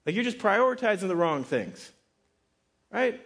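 A man preaching a relaxed, conversational sermon on a Bible passage, joking and saying "like" often. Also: high voice, moderate pace, husky. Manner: relaxed and joking, heavy use of "like". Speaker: pastor teaching a Bible passage.

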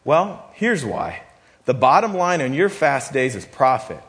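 A man's voice: medium pitch, very animated, a little slow, fairly bright tone. A man preaching a sermon, reading scripture with rising emphasis and talking conversationally, with repeated phrases and restarts. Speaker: pastor. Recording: long hall reverb.

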